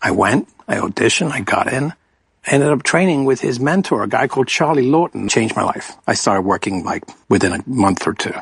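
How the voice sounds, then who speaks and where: Actor guest, gravelly and husky, animated anecdote. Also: male voice, medium pitch, fairly quick, dry recording. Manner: animated storyteller, quoting others. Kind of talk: telling a personal anecdote.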